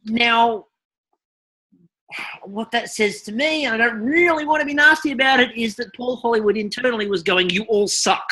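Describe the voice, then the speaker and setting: A woman co-hosting a casual podcast, recapping a TV episode with animated storytelling. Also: on the high side, moderate pace. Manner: animated storytelling with mimicked quotes. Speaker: podcast co-host.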